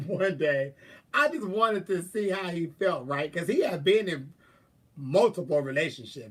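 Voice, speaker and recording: High-voiced sassy man, laughing storyteller. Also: husky, recorded from a distance. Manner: gives frank advice to viewers. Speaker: livestream host. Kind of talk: casual storytelling chat.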